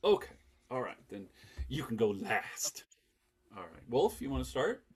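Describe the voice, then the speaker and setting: A man hosting a casual podcast chat, animated and laughing often as he leads the talk. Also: mid-range voice, unhurried, breathy edge. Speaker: podcast host.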